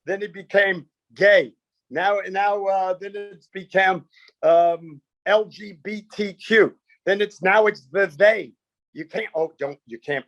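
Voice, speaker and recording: A man's voice: sits high, a bit bright, dry recording, highs cut off. A man, a comedian guest, telling stories with punchy quoted bits and lots of animation.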